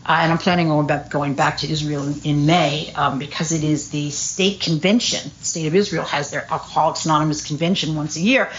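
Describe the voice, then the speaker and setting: A woman's voice: deep voice, steady tone, a little fast, few pauses, highs cut off, a little hiss or hum. A middle-aged woman speaking at a recovery meeting, telling her story candidly with lots of fillers. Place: meeting room.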